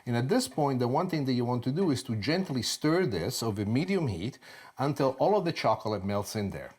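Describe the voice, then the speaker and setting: A man in his sixties with an Italian accent, hosting a cooking demonstration in a lively, chatty, playful way with rhetorical questions. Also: medium pitch, a little fast, husky. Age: 60s. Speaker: cooking show host. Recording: background music.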